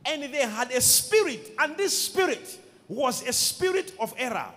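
Emphatic high-voiced man preaching. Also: sing-song, measured pace, fairly bright tone. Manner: emphatic, repeats key words, calls for responses. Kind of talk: sermon. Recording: long hall reverb.

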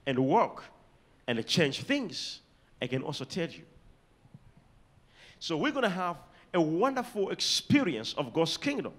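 A man with a Malawian accent preaching a sermon, emphatic, reading scripture slowly and telling the congregation to underline words. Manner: emphatic, dramatic swings in loudness and pitch, reads scripture slowly.

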